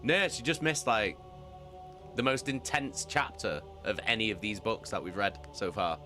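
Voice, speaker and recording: A man's voice: on the low side, moderate pace, bright, forceful tone, soft background music. A young man, chatting casually with his stream audience, swearing and laughing often. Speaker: streamer reading a novel with chat. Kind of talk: casual live-stream chat.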